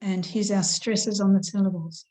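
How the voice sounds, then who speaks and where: A woman teaching an online grammar lesson to schoolchildren, patient and measured, stressing syllables slowly as she recites. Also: mid-range voice, fairly even intonation, mellow, poor audio.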